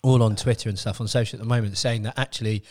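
A man's voice: fairly low pitch, fairly even intonation, fast talker, a little mellow. Man in teasing banter. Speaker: podcast co-host. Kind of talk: casual podcast chat.

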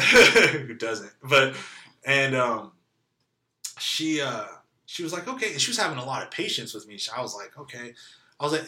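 A man from California, his mid-range voice reverberant, is a guest casually telling a personal story. He's animated, laughing often and acting out the lines people said.

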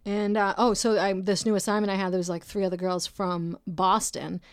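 A woman's voice: medium pitch, level tone, fairly quick, clean tone, no room sound, clean studio sound. A woman from Massachusetts, around her thirties, hosting a casual solo podcast and rambling with jokes and profanity. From Brockton, Massachusetts, USA. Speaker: podcast host; nurse.

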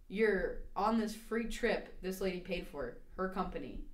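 A woman's voice: medium pitch, animated, measured pace, few pauses, reverberant. A young adult woman co-hosting a podcast, telling a story in casual chat with laughs and mimicked quotes. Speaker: podcast co-host.

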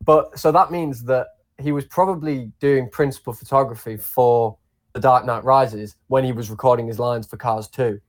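A man's voice: mid-range voice, steady tone, normal speed. A man with a mid-range voice chats on a casual podcast. He jokes around and acts out little imagined exchanges between people. His tone stays loose and playful. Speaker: podcast co-host.

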